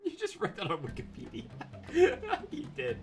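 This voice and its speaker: A gaming streamer giving rambling let's-play commentary who swears and bursts into excited shouting. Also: mid-range voice, fast. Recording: game music behind, voice a bit distant from mic. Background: game music.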